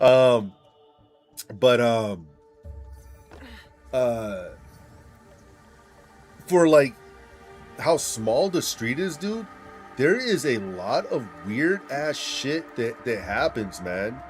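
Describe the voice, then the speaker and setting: A man's voice: mid-range voice, sing-song, very slow, pauses often, faint music behind. A young man casually telling a rambling, profane story while gaming, laughing often and restarting his sentences. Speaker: gamer streaming with friends.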